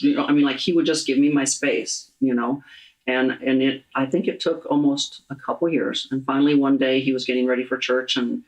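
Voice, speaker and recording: Deep-voiced woman hosting an earnest talk. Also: poor audio. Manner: earnest, halting, with many restarts. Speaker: talk show host. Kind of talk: heartfelt interview about grief.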